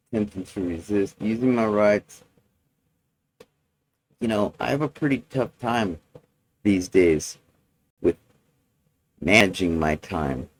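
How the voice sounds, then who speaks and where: A man recording a personal video journal, talking in a halting, rambling way with many restarts and fillers. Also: fairly low pitch, a little mellow, slight background noise, rough recording.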